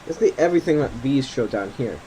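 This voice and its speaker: Male gamer, mellow, animated delivery; casual thinking-aloud commentary with frequent self-corrections. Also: medium pitch, quick pace, slight background noise, low-quality recording. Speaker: flight simulator gamer.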